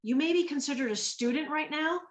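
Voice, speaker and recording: A woman's voice: sits high, fairly quick, echoey room, far from the mic. A woman from Minnesota telling her story to an online group, acting out the voices of the people she quotes. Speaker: guest speaker on a training call.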